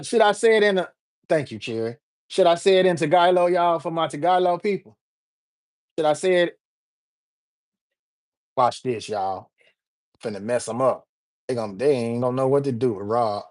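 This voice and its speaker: A man hosting a casual livestream, joking and talking straight to his viewers. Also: mid-range voice. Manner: animated, repetitive, jokey, addresses viewers directly. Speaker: livestream host.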